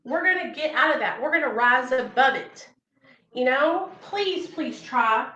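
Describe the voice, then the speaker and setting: A young woman with a high voice gives an earnest, encouraging pep talk on a casual livestream and keeps repeating her points. The sound is dull and lo-fi, with a roomy echo around her. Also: animated, measured pace, sharp tone. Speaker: recovery livestream host. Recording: echoey room, dull lo-fi sound.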